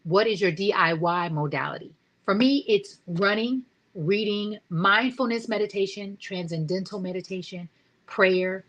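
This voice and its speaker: A woman in her forties hosting a motivational talk show, speaking with excited energy and asking her listeners rhetorical questions. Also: medium pitch, normal speed, lo-fi sound. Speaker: host.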